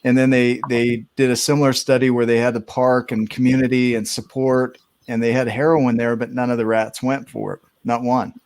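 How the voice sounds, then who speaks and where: A man's voice: mid-range voice, little pitch movement, moderate pace, hardly any pauses, darkish tone, smooth. A man hosting a podcast, reflecting thoughtfully in a conversational way, often restarting his sentences. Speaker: host.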